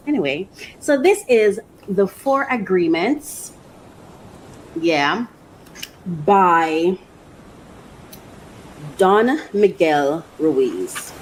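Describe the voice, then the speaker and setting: A woman hosting a podcast and chatting casually about things she bought, talking in an animated way and laughing often. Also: lowish voice, a little slow, a little hiss or hum, rough recording. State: emotional, near tears. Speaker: podcast host. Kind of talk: casual unboxing chat.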